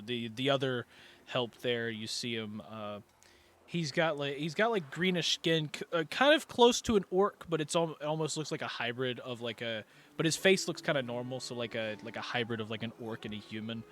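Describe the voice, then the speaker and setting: A man narrating a tabletop game as its game master, wandering through his descriptions with frequent restarts. His pitch sits at a plain middle. The delivery stays loose and casual. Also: a bit bright, slight background noise. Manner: rambling, many fillers and restarts.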